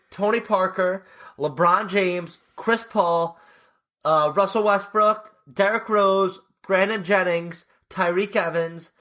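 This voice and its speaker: A young man from New Jersey talks sports on a casual podcast with a slightly raised pitch. He jokes constantly, slipping into ironic, mock-serious tributes. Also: bright, forceful tone. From New Jersey, USA. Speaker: podcast co-host.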